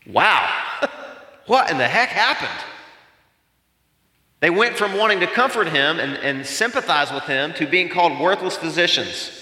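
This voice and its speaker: A man preaching a sermon in a church sanctuary, his voice bright and forceful with a slightly high pitch. He speaks animatedly, firing rhetorical questions at the listeners. The sound rings through a roomy hall with a long reverb. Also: expressive, moderate pace, pauses often. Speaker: pastor. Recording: echoey hall.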